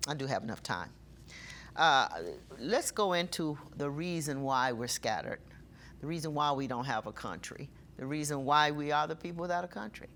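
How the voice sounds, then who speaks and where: Mujer predicando con pasión, voz grave, ruido de fondo leve. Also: female voice, low voice, expressive, a little hiss or hum. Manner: passionate preaching, slows down and gets louder reading scripture. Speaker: preacher. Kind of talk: sermon.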